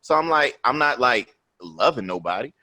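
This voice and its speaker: A man's voice: mid-range voice, animated, moderate pace, pushed and bright. A man in his thirties, a podcast host, telling a personal story in loose, profane chat and tagging his lines with "you know what I'm saying".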